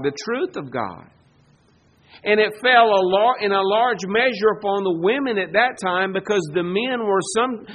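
Male pastor, high-pitched, dramatic sermon delivery with big swings in loudness.

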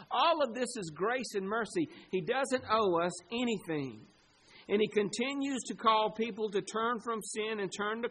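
A man preaching a sermon to his congregation, with sudden loud, emphatic bursts. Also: high-pitched, a little hiss or hum, low-quality recording. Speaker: pastor.

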